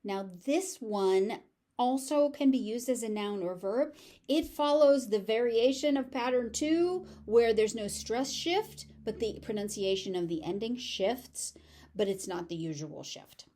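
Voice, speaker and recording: Slow, careful American woman teacher. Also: a little high, mellow. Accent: General American. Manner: repeats each word slowly and distinctly, then explains. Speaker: pronunciation teacher. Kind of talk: slow, careful pronunciation lesson.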